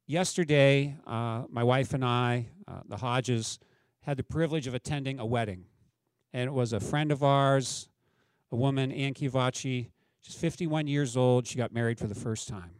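A man's voice: mid-range voice, normal speed, clear, resonant tone, dry recording. A middle-aged man preaching a sermon as a pastor, talking in a conversational way and asking the congregation questions.

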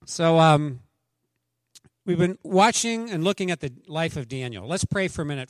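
A man preaching a relaxed, conversational sermon, with a voice sitting a little higher than most men's. He jokes as he goes, and the sound is dry and close. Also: normal speed, no room sound. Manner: chatty, joking, conversational. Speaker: pastor. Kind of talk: sermon with anecdotes.

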